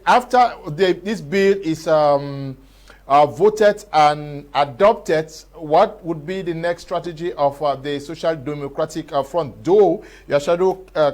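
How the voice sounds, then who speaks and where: A man with a Cameroonian English accent hosting a studio panel debate, putting questions in a measured way with some fillers. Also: a little high, darkish tone, rough recording. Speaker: debate show host.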